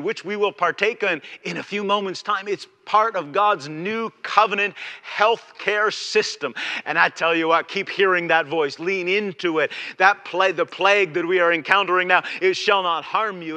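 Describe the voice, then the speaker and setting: A male pastor preaching to his church with fervent insistence, circling back on phrases and restarting lines as he builds. His voice is bright and forceful, sitting a little high for a man. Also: moderate pace. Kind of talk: sermon.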